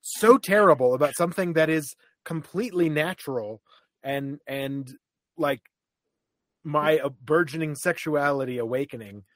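A man's voice: fairly high pitch, moderate pace, fairly bright tone, dry recording. A man co-hosting a podcast, telling personal stories in a candid, hesitant way with many restarts. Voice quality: hesitant, many restarts and self-deprecating asides. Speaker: podcast co-host. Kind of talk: candid casual chat.

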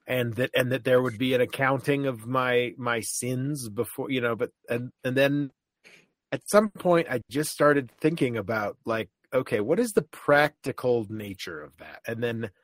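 Male podcast co-host, halting storyteller, tight dry sound. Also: mid-range voice, no echo. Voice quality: hesitant, many restarts and self-deprecating asides. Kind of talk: candid casual chat.

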